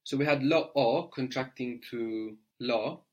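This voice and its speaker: A man teaching a language lesson, explaining patiently step by step and checking understanding with a quick "no?". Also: medium pitch, a little mellow, highs cut off.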